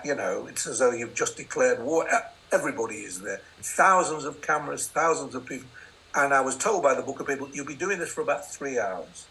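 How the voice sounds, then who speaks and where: Older man, novelist, wry, anecdotal, bright forceful tone. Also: medium pitch, poor audio. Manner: wry, anecdotal, self-deprecating. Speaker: novelist guest. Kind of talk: interview storytelling.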